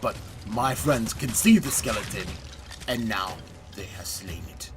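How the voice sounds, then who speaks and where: A man narrating a gameplay video in a playful, mock-grand style, putting on a deliberately bad French accent. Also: fairly low pitch, faint music behind. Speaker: gaming channel host. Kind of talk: let's play voice-over commentary.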